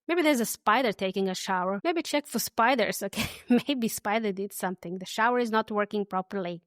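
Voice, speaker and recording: A woman hosting an English lesson podcast, friendly and easygoing, who says example phrases slowly and repeats them for listeners to copy. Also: medium pitch, no echo, studio quality. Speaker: English teacher and podcast host.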